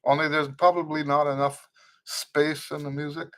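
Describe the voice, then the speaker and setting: His voice on the high side, pushed and bright with little pitch movement, a man teaches trumpet at a moderate pace during an unscripted live-stream Q&A. He's earnest and instructive, repeats key phrases, and greets commenters while reading their messages aloud.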